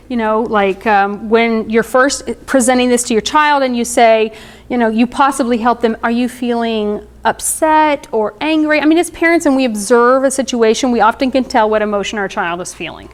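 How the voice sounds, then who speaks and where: A woman's voice: fairly high pitch, moderate pace. A woman in her thirties giving an informal presentation on emotional wellness, conversational and explanatory, with frequent ums and asides.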